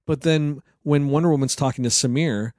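A man's voice: on the high side, brisk, darkish tone, no echo, studio quality. A man co-hosting a casual movie review chat, rambling and sarcastic, swearing freely as he picks apart plot holes. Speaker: podcast co-host.

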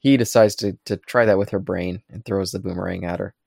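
A man's voice: deep voice, fairly even intonation, a little fast, creaky, a little mellow, breathy edge, no room sound, clean studio sound. A man co-hosting a podcast, casually retelling episode scenes and briefly acting out the characters' lines. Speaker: podcast co-host. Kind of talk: casual recap chat.

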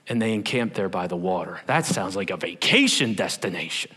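A man preaching a sermon as a pastor, animated and humorous, acting out scenes as he goes. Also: deep voice, a little fast, few pauses, husky.

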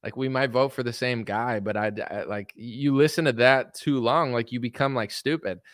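A man's voice: mid-range voice, steady tone, normal speed, a bit bright, no echo, studio quality. A man giving a casual opinion monologue, rambling with constant fillers. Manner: rambling, heavy use of filler "like". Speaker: political commentator.

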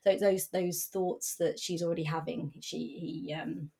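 A woman reading passages from a novel aloud and chatting about them in a measured, hesitant way. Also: fairly low pitch, steady tone, mellow, breathy edge, rough recording.

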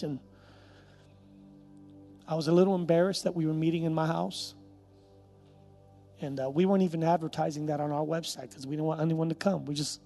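A man pastor preaching a sermon, telling a personal story and then rising into a loud, impassioned prayer. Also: a little high, gravelly. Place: church service.

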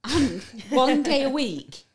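A woman, a former special-school teacher, tells anecdotes in casual chat, lively and full of restarts. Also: sits high, takes it slowly, crowd noise. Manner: lively storytelling with laughs and restarts.

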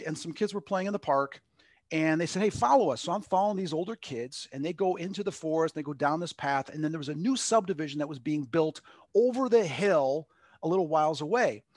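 Man, middle-aged, medium being interviewed, higher pitch, dry recording, rambling storyteller. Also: animated, fairly quick, no room sound. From Long Island, New York. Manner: rambling, acts out quotes with lots of "like". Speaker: medium, guest.

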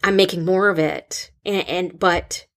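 A woman in her thirties, a school counselor hosting a podcast, talking in a halting, open way with many restarts. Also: on the low side, steady tone, fairly bright tone. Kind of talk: casual podcast conversation.

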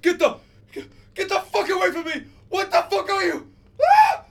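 A man's voice: very high-pitched, huge pitch swings, normal speed, gravelly, voice pushed up, heavily acted. A man voicing a terrified male prisoner who screams at the top of his lungs. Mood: panicked.

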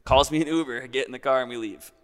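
A man's voice: medium pitch, rapid-fire, a bit bright, clean tone, in a large hall. A young man casually telling a long story as a guest, in a laid-back way full of "like".

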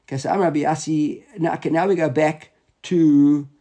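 Guy giving a class, kinda higher voice, reads the then explains it, lots of repeating himself. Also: steady tone, fairly quick, dark tone. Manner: reads Aramaic and Hebrew aloud, explains in English, repeats and restarts words. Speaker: Talmud teacher. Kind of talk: Talmud class lecture.

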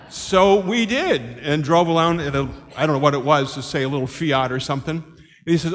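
Older priest with a fairly high voice, telling a story in his homily, long church reverb. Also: a little fast. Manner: animated, acts out quoted voices.

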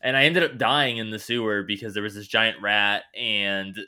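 A young man on a podcast, casually telling animated stories about the games he played and acting out his own reactions. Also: fairly low pitch, normal speed, smooth. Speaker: podcast host. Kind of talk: casual gaming chat.

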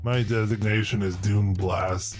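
A man's voice: on the low side, fairly even intonation, measured pace, soft background music, natural voice. A man voicing a snarky, condescending male assassin droid in a tabletop game. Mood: snide. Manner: haughty, disdainful. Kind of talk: tabletop game role-play.

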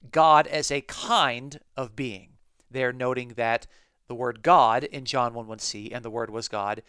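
Guy walking through a bible verse step by step, smooth clear voice, dry close sound. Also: mid-range voice, fairly bright tone, no room sound. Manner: methodical, explanatory, repeats key phrases. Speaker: podcast host and Bible teacher. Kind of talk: scripture study lecture.

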